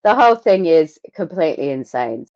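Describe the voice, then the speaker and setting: A woman co-hosting a podcast, telling stories in an animated, sarcastic, sweary way. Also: low-pitched, a little fast, over loud music. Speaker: podcast co-host. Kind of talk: casual podcast chat. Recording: dry, dull lo-fi mic.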